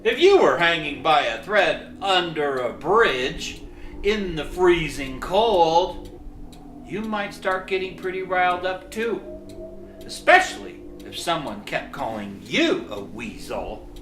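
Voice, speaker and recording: A narrator voicing a small, indignant male elf in a storybook reading, arguing back with sharp retorts. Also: medium pitch, sing-song, slow, roomy sound, a little hiss or hum. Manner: indignant, argumentative.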